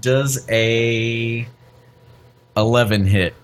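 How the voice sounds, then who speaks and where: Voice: medium pitch, fairly even intonation, drawn-out words. A tabletop player who talks hesitantly with many fillers while describing attacks. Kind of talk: casual tabletop play.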